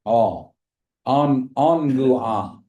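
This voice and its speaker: A man leads a language class in a patient way, repeating each phrase slowly for his students. His voice sits in a middle pitch. The room around him echoes. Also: animated, warm tone, muffled recording. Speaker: language teacher.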